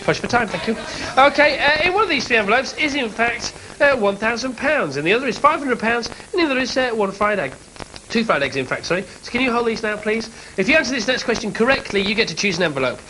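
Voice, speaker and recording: A jokey, chatty man hosts a breakfast TV phone-in quiz, his pitch moving a lot. Studio noise is clearly heard behind him. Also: lively intonation, fast talker, sharp tone, low-quality recording. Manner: jokey, chatty, laughs often. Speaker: host.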